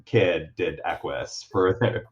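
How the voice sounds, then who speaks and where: A man's voice: sits low, slow. Rambling man telling a story, dull audio. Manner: rambling, laughs often, many fillers and restarts. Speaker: guest actor. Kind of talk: casual interview storytelling.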